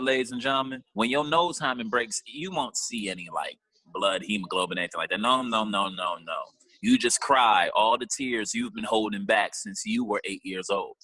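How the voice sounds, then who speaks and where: Animated slangy man telling a comic story. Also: fairly low pitch, no room sound, low-quality recording. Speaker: stand-up comedian. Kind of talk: stand-up storytelling over a video call. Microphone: video call.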